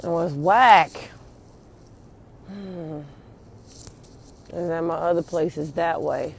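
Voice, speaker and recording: A woman's voice: lowish voice, slow, vocal fry, a little hiss or hum. A young woman venting casually and angrily on a phone livestream outdoors, swearing often and rambling with many fillers.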